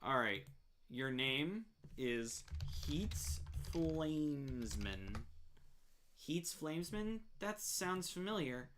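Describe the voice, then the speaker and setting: A woman hosting a let's play, commenting casually and reading game text aloud, full of hesitant fillers with loud swearing outbursts. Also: sits low, animated, takes it slowly, a little hiss or hum.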